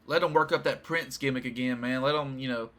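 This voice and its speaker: A man hosting a casual podcast, laid-back and quick to laugh, who acts out lines as he retells matches. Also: mid-range voice, a bit bright. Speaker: podcast host. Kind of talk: casual chat.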